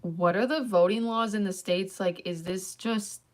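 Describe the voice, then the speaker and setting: A woman's voice: medium pitch, unhurried. A young woman chatting casually on her own channel, rambling with lots of fillers like "um" and "like". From Canada. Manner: rambling, filler-heavy talk with many likes and ums. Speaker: channel host. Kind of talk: casual livestream chat.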